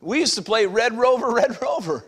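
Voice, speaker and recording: Man, middle-aged, pastor, folksy conversational sermon, higher voice, long reverb of a church hall. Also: expressive, normal speed, breathy edge. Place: church sanctuary.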